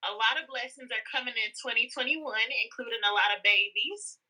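Very bright, husky woman podcast host. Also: on the high side, a little fast, far from the mic, poor audio. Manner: laughs often, blunt, teasing. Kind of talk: casual chat.

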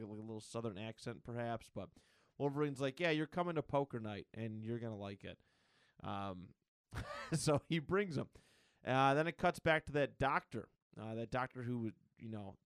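A man co-hosting a podcast, recapping a comic book in a rambling, excited casual chat. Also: medium pitch, clean tone, dry recording. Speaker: podcast co-host.

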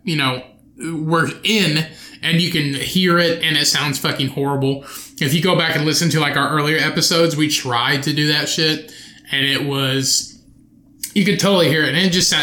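A young podcast host rants solo from his bedroom home studio, his dog with him, swearing freely, rambling, and cutting off his own sentences. His voice is bright, slightly high, and edgy, and the room is echoey.

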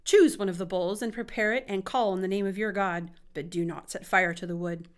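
A woman's voice: medium pitch, fairly even intonation, fairly quick, lightly acted. A woman reading as Elijah, a fervent prophet. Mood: declaring. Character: male prophet, bold and fervent.

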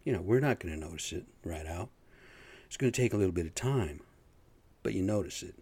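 A man's voice: low-pitched, expressive, a little fast, darkish tone, husky, no echo. A man in construction giving a profane, agitated, rambling solo rant.

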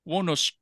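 A man co-hosting a podcast, chatting casually and telling stories in an animated way, with many "like" fillers. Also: fairly high pitch, vocal fry, breathy edge, no room sound. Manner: animated storyteller, lots of "like" fillers. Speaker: podcast co-host. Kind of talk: casual chat.

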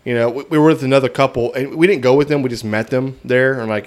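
A talkative man with a middle-pitched voice, rambling through a story in casual chat. He laughs easily and keeps the talk moving. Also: fairly even intonation, fast. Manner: chatty, storytelling, laughs often. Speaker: podcast co-host. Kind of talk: casual beer-review chat.

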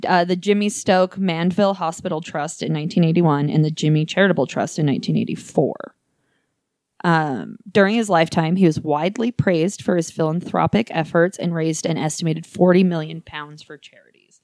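Woman, casual storyteller with a slightly low voice, profane and joking, dry close mic. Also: a little fast, a little mellow, no echo. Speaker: podcast co-host. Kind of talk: casual chat.

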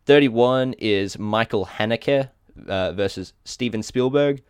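A man's voice: mid-range voice, takes it slowly, clear, resonant tone, no echo, studio quality. A man with an Australian accent co-hosting a casual podcast, reading out a list and stumbling over hard names with small self-corrections. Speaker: podcast co-host.

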